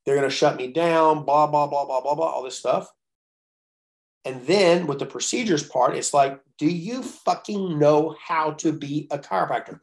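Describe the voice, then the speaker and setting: A man coaching chiropractors in a blunt, profane, animated way, telling stories. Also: fairly high pitch, normal speed. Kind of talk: profane coaching talk on a call.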